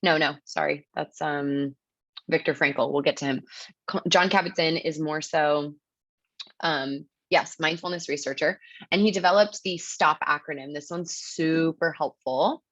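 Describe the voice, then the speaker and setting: Woman with a low voice teaching a webinar, chatty and upbeat, lots of "like" and "right?", muffled lo-fi call audio. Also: a little slow, a bit bright, no echo. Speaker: webinar presenter. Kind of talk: casual teaching talk.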